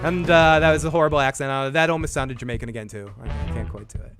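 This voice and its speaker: A man co-hosting a podcast in casual chat, rambling and restarting, with energetic sign-offs. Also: medium pitch, quick pace, over music. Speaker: podcast co-host.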